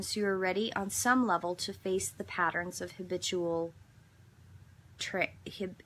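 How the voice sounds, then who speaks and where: A woman's voice: mid-range voice, fairly bright tone, a little hiss or hum. A woman hosting a daily devotional, reading a passage and then reflecting in an earnest, meandering way with some self-corrections. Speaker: devotional host.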